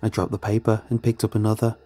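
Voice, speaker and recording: A man's voice: on the low side, little pitch movement, quick pace, mellow, slight background noise. A man narrating a first-person horror story in a tense, dramatic manner.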